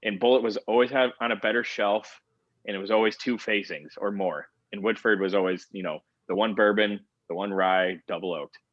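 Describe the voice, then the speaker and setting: A man co-hosting a casual podcast, talking in a relaxed way and laughing easily. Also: on the low side, fairly quick, dry recording. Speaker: podcast co-host. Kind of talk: casual chat. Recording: dull lo-fi sound.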